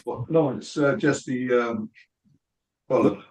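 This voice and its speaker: A man speaking haltingly, pausing and reaching for words as he shares news. His voice sits in an echoey room that rings around him. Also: medium pitch, a little mellow. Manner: halting, hesitant, with pauses and fillers. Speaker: guest on a chat call. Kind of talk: casual chat.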